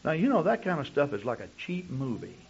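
A man's voice: a little high, very animated, fairly quick, gravelly, a little mellow. A male pastor preaching a sermon, telling stories in long chains of "and" with frequent restarts. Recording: dull lo-fi recording.

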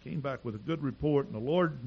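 A middle-aged man preaching a sermon, telling stories in an animated, repetitive way with frequent restarts. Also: mid-range voice, fairly quick, vocal fry, husky, muffled recording. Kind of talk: sermon with storytelling.

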